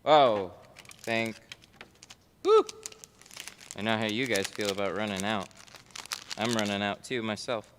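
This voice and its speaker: A man's voice: fairly low pitch, fairly even intonation, moderate pace, a bit bright, long reverb tail, a little hiss or hum. A man working as a window tinter, chatting casually on a livestream while he works and answers viewer chat. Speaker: window tinter streaming live. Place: car tint shop.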